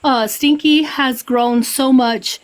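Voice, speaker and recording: A woman in a heated live stream argument, talking with a slightly high voice. She is upset and emphatic, saying she is shaking, and keeps repeating herself as she pleads her case. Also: fairly even intonation, takes it slowly, rough recording. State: shaking with anger.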